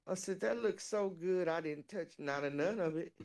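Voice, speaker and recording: A woman co-hosting a casual chat, telling animated, profane stories and laughing through them. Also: low voice, moderate pace.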